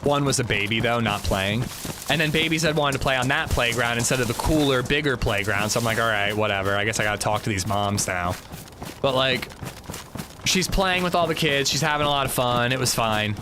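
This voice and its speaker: A man's voice: medium pitch, a little fast, background noise. A man hosting a gaming livestream, chatting casually and telling stories in a joking way. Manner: animated, joking storytelling. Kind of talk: casual chat while playing.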